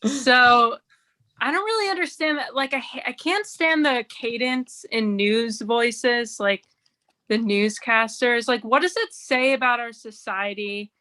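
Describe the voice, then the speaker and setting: A woman's voice: a little high, pushed and bright. A woman performing a wry, chatty stand-up set at an online open mic, full of "like"s. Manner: wry, chatty delivery with many "like"s. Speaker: stand-up comedian. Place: remote open mic over video stream.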